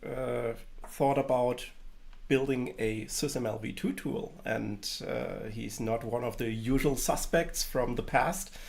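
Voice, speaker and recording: Slow, easygoing male podcast host. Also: medium pitch, vocal fry. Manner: unhurried, with hesitations. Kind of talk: casual podcast intro.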